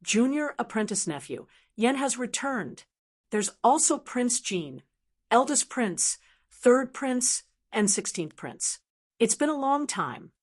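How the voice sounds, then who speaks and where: A woman's voice: fairly high pitch, big pitch swings, takes it slowly, pitched above the performer's own voice, heavily acted. A woman reading the lines of a worried, formal middle-aged male sect elder in an audiobook.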